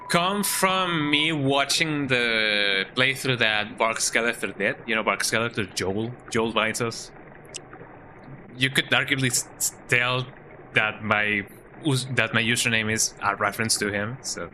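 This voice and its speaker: A man's voice: mid-range voice, sharp tone. A man streaming a video game, chatting casually and rambling with trailing fillers. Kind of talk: casual gameplay commentary. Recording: noisy background hiss.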